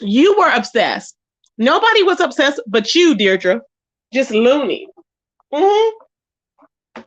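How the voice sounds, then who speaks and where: A sassy woman dishes gossip to her live chat. Her voice sits high and swings widely in pitch. The recording is dry and a little dull. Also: slow, dry recording. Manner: sassy, animated, greets chat viewers. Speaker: commentary vlogger. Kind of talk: casual gossip commentary.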